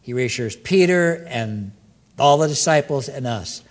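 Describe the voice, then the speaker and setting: A man preaching a sermon, swinging between loud, excited questions and hushed, slow lines. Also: medium pitch, big-room sound. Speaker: pastor.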